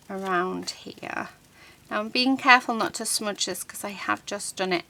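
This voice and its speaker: A woman's voice: medium pitch, gravelly, bright, forceful tone, a little hiss or hum. A woman hosting a casual card-making tutorial. She talks her viewers through each step while she works at her crafting desk, with plenty of ums and restarts. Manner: chatty, unhurried, many ums and restarts.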